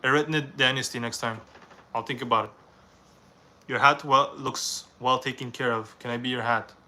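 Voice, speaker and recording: Young guy on a live stream, reads chat questions then rambles his takes, tense bright voice. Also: medium pitch, fairly even intonation, moderate pace, a little hiss or hum. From Canada. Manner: reads viewer questions aloud, then answers with rambling opinions.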